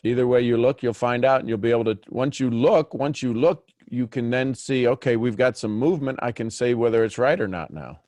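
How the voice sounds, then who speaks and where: A man's voice: mid-range voice, brisk, few pauses, darkish tone, dry recording, studio quality. Blunt, teasing male life coach. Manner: blunt, teasing, laughs often. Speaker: coach and host of morning call. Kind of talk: casual coaching chat.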